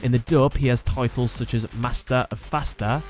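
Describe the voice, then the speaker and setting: A man's voice: mid-range voice, steady tone, normal speed, faint music behind. A man hosting a video, reading out character trivia in a plain, matter-of-fact way. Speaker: host. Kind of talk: scripted narration of character trivia.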